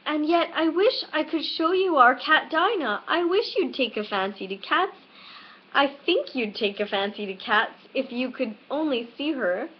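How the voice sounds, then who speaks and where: A woman's voice: sits high, lively intonation, a little slow, voice pushed up. Alice, a chatty little girl, played by a woman. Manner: earnest, rambling chatter. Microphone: webcam. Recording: dull lo-fi webcam recording.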